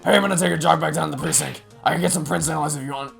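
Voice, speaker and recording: A man voicing a jumpy, eager male police detective who talks loudly and stammers. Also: fairly high pitch, steady tone, vocal fry, faint music behind, pitched above the performer's own voice. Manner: rushed, loud, stammering.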